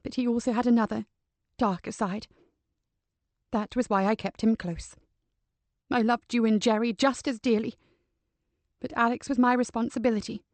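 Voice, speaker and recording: A woman voicing a composed older mother confessing calmly to her family, her tone even and dignified. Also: fairly high pitch, normal speed, long pauses, no echo, natural voice. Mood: tender. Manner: even, controlled, softly dignified.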